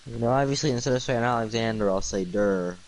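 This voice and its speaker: A tired livestreamer with a mid-range voice talks quickly late at night, in a low-quality recording. He rambles through goofy wordplay, full of ums and uhs.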